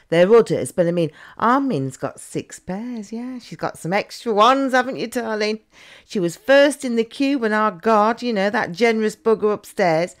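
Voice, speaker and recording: Cheeky chatty woman vlogger. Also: mid-range voice. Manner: cheeky, chatty, teasing asides. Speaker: reaction vlogger. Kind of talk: casual reaction commentary.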